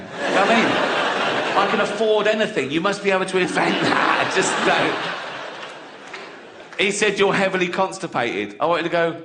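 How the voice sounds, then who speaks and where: A man's voice: high-pitched, lively intonation, normal speed, long pauses, echoey room, very noisy. A man, performing a crude stand-up routine and laughing through his own punchlines. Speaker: stand-up comedian.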